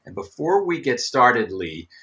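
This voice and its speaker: A middle-aged man hosts a live online show with a bright, forward tone. He talks in a friendly, loose way, fills gaps with ums and greets viewers by name. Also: mid-range voice, sing-song, unhurried. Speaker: show host. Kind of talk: live webcast host chat.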